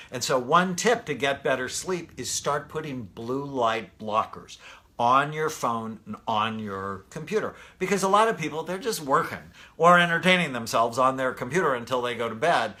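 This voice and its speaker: A middle-aged man co-hosting a podcast, calmly explaining in a plain teaching tone. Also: medium pitch, moderate pace. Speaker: podcast co-host, brain doctor. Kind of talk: casual explanatory chat.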